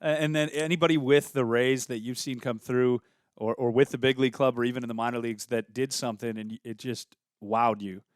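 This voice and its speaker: A man's voice: medium pitch, fairly even intonation, fairly quick, dry recording, clean studio sound. A man hosting a casual interview, friendly and joking, with hesitant restarts. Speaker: host.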